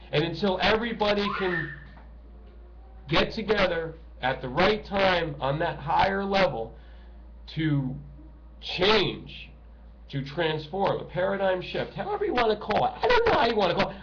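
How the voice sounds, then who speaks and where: Bitter swearing man, middle-aged, high-pitched, lo-fi muffled recording with hiss. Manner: profane, bitter, swings between shouting and hushed talk. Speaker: political video ranter. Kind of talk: angry monologue to camera. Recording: dull lo-fi home recording with noise.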